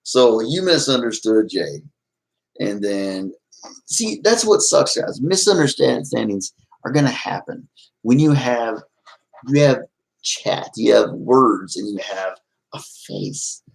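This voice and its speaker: A man's voice: medium pitch, expressive, slow pace, vocal fry, low-quality recording. A middle-aged man live-streaming, talking casually to his chat in a rambling, restless way that moves from agitated to apologetic. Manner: rambling, agitated then apologetic, many restarts.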